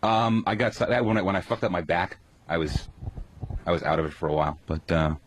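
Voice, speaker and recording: A man's voice: low voice, brisk, a little hiss or hum. A man in casual radio banter with the crew, laughing off their questions a little defensively, in a radio studio. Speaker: show staffer.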